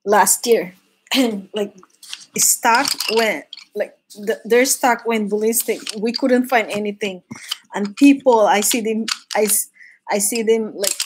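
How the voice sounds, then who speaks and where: A woman's voice: medium pitch, slow pace, background noise. A woman hosting a live drawing stream, chatting casually with viewers, laughing often and restarting her sentences.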